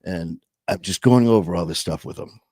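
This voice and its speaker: Deep-voiced man, rambling and emphatic. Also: normal speed, warm tone, no echo, studio quality. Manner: rambling, emphatic, peppered with swearing. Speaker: show host. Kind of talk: casual reflective monologue.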